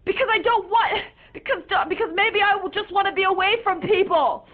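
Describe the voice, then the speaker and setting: A woman's voice: very high voice, brisk. A woman voicing a melodramatic teenage girl who rants tearfully at her parents and mangles big words in a comic monologue. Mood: tearful ranting. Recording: tinny phone-like sound.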